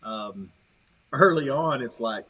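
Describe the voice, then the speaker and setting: A man's voice: medium pitch, slow, breathy edge. Man heard from a distance, chatting. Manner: conversational, relaxed with restarts and laughs. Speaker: co-leader of a church Bible study. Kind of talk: casual livestream discussion.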